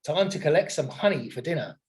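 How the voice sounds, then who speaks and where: A man's voice: on the high side, expressive, brisk, a little mellow, close to an everyday voice. A man reading a storybook aloud and voicing a cheerful, clever young wolf.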